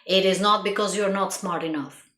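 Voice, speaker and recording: A woman's voice: mid-range voice, steady tone, moderate pace, a bit bright. A woman giving an earnest reflective monologue as a motivational speaker, who repeats herself for emphasis and laughs at her own stories. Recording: roomy echo.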